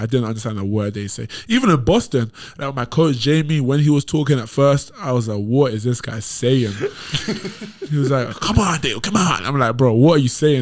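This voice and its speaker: A young man from England with an English accent, a podcast guest chatting casually and telling stories with a lot of slang. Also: mid-range voice. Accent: English, London slang. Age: young adult. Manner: animated, laughing storyteller, heavy slang. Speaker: podcast guest, college basketball player. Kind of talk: casual chat.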